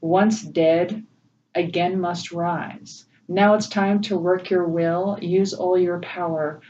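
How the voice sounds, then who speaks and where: A gentle, emotional woman reads tarot cards in a casual, chatty way, her voice slightly low for a woman. She sounds set back from a dull, low-fi mic with a faint hiss behind her. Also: steady tone, takes it slowly, recorded from a distance. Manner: gentle, emotional, laughs often. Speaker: tarot reader. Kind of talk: casual spiritual tarot reading.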